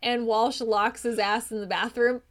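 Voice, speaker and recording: A woman's voice: a little high, fairly even intonation, moderate pace. A woman co-hosting a podcast, talking frankly and casually with swearing and laughter. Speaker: podcast co-host. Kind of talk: casual chat about a film.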